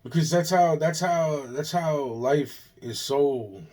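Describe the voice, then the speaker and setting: A man's voice: fairly high pitch, takes it slowly, a little mellow. A man, from Long Island, rambling through an agitated, profane personal monologue and often restarting his sentences. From Long Island, New York. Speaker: vlogger.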